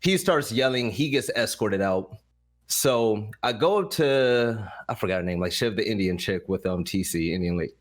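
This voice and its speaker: A man guesting on a podcast, telling a story in a blunt, animated way and swearing freely. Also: on the low side, moderate pace. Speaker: podcast guest, esports caster. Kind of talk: casual storytelling.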